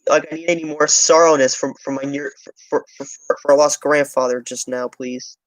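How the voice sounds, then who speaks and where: A man's voice: a little high, fairly even intonation, normal speed. A young man, talking loosely on a livestream, rambling and swearing often. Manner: rambling, heavy swearing, restarts. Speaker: transit channel streamer. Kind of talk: casual livestream chat.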